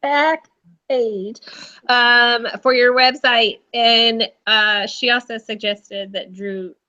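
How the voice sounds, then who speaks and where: A woman's voice: on the high side, flat delivery, slow pace, sharp tone, clear, resonant tone, lo-fi sound. A woman hosting a casual live interview show, chatty, with lots of fillers and frequent laughter. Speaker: host.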